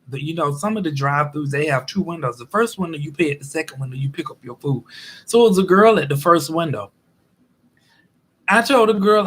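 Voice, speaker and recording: Guy telling a funny story, high voice, really animated, acts out what people said. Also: slightly rough. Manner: animated, chatty, acts out quotes. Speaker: vlog host. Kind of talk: casual storytelling monologue.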